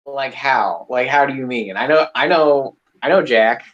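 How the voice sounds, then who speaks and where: A man's voice: mid-range voice, normal speed, a bit bright, dull audio. A man playing a tabletop role-playing game, asking playful, jokey questions in character. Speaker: player. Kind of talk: casual tabletop role-play.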